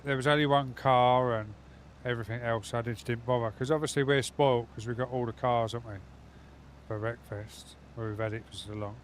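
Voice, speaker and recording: A man's voice: mid-range voice, a little hiss or hum. A man chatting casually with his viewers while streaming a game from his home setup, rambling from one thought to the next. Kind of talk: casual live gaming stream chat.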